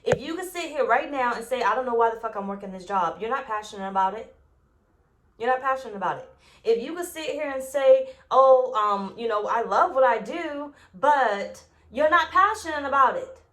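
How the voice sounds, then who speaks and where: A woman's voice: fairly high pitch, lively intonation, brisk, fairly bright tone. A woman giving a tarot reading, blunt and profane, who drives her points home by repeating them. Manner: acts out quoted voices. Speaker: tarot reader.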